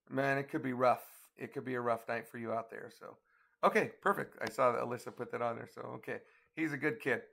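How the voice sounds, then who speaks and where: A middle-aged man with a gravelly, mid-pitched voice hosts a livestream weather briefing. He talks in a folksy, chatty way, reading out viewer comments and answering them as he goes. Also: fairly bright tone. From northeastern Colorado. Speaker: storm chaser hosting a livestream weather briefing. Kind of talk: casual livestream chat with viewers.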